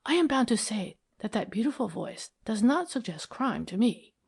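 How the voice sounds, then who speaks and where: Woman doing an excitable gentleman sleuth, high, emphatic, gravelly edge. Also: moderate pace, full character voice. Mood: whispering. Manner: excited, rising, emphatic; whispers when wary.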